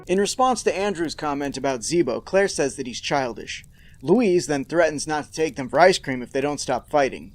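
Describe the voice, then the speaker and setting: A man's voice: fairly high pitch, lively intonation, normal speed. A man hosting a podcast, recapping a horror episode with sarcastic, mock-outraged asides. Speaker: podcast host.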